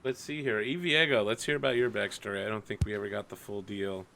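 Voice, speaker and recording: A man running a tabletop game as game master, joking, animated and swearing freely in casual chat. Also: on the low side, fast, creaky.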